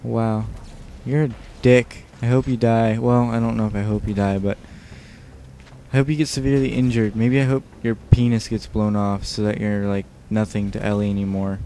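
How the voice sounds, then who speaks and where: Tired, rambling gameplay host. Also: male voice, fairly low pitch, little pitch movement, moderate pace, warm tone, a little hiss or hum. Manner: rambling, joking, swears. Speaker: let's play host. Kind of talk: casual gameplay commentary.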